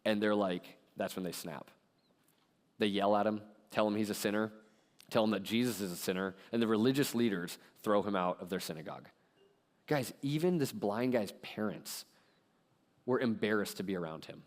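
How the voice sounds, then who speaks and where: A man pastor giving a conversational sermon, retelling a story in a casual, animated way with lots of "like.". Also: on the low side, moderate pace. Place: church sanctuary. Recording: long hall reverb in a church.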